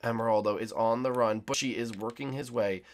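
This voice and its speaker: A young man giving excited, teasing play-by-play commentary on a multiplayer game round, talking to players and viewers. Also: medium pitch, brisk. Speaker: gaming YouTuber.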